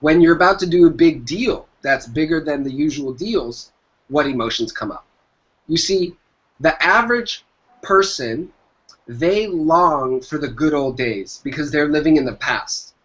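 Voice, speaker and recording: Here a man on the higher side, with lively intonation and a measured pace, has a fairly bright tone. He is an entrepreneur guest in an interview, emphatically giving motivational business advice and circling back to his key phrases. The recording sounds dull and lo-fi.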